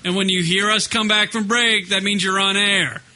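A man's voice: high-pitched, fairly even intonation, normal speed, pushed and bright. A man hosting a casual radio show, laughing and talking over his caller.

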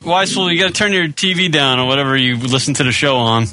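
A man's voice: medium pitch, expressive, fast, bright, forceful tone. A man co-hosting a comedy show from home over an internet call, cracking dry, easygoing jokes. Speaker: co-host calling in remotely. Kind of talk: casual comedy banter. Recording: faint hiss on an internet call line.

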